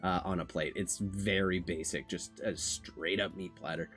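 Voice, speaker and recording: A man running a tabletop game as game master, describing scenes in a relaxed, casual way. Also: low-pitched, moderate pace, soft background music.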